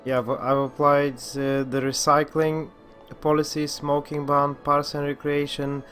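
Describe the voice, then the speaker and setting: A man with a groggy morning voice giving casual commentary as he plays a city-building game, talking at an unhurried pace and often restarting his sentences. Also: fairly high pitch, level tone, a bit bright, faint music behind. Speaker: gaming channel host.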